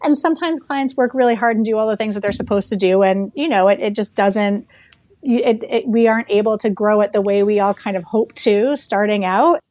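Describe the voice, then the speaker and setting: A woman's voice: medium pitch, a little fast, a little mellow, no room sound. A middle-aged woman with a Boston accent, a literary agent chatting in an interview, laughing easily and restarting her sentences often. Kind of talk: casual interview chat.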